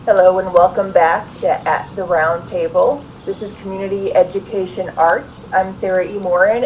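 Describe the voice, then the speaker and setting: A woman co-hosting a talk show, speaking slowly and deliberately at times. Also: fairly low pitch, a little mellow, slight background noise, rough recording. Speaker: nonprofit secretary, co-host.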